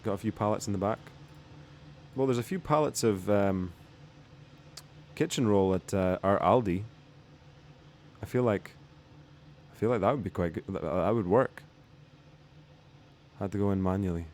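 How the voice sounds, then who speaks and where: Laid-back low-voiced male streamer. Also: moderate pace, long pauses, darkish tone. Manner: laid-back, rambling, swearing. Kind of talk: casual livestream chat.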